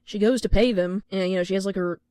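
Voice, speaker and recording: A woman's voice: medium pitch, fairly even intonation, fast talker, dark tone, clear, resonant tone. A young woman telling a storytime tale in a chatty, exasperated way, with lots of fillers. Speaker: vlogger. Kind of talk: storytime vlog.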